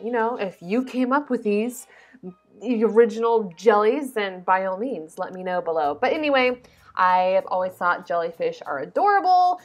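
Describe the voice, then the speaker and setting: Chatty woman narrating her crafts. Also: mid-range voice. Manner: bubbly, chatty, self-deprecating asides. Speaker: craft video host. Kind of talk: casual voice-over narration.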